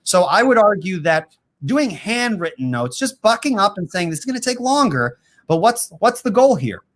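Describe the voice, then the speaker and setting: Man, higher voice, animated, fillers, casual livestream host. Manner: animated, quick, laughs easily, many fillers. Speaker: host and apologetics teacher.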